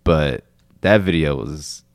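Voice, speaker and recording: A man co-hosting a podcast in casual chat, teasing and cutting in with quick jokes. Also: rumbling low, gravelly, no echo, clean studio sound. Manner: teasing, quick interjections, laughs often. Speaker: podcast co-host.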